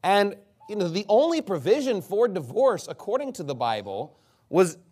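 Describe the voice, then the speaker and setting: A man preaching an expository sermon, animated and mocking, reading scripture aloud and breaking into impressions. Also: sits high.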